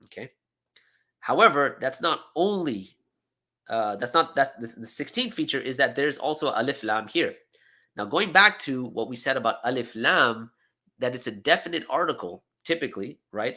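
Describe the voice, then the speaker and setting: A man teaches a scripture lesson with a bright, forceful voice. He explains step by step, keeps checking in with his listeners, and repeats key words for emphasis. His pitch sits in a middle range for a man. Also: expressive, moderate pace. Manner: explanatory, checks in with frequent "okay?" and "right?"; repeats words for emphasis, self-corrects mid-sentence. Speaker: lecturer. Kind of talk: classroom lecture on scripture.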